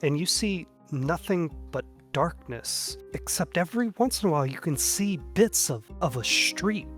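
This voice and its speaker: A man's voice: on the high side, lively intonation, moderate pace, a bit bright, soft background music. A man narrating a tabletop game as game master, casual, often saying "like". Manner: casual, frequent "like" fillers.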